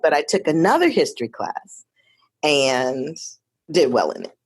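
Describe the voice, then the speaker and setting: Interview guest, woman in her 50s from Detroit, lower voice, chatty storyteller with asides. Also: sing-song, a little slow, husky. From Detroit, USA. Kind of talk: casual storytelling conversation.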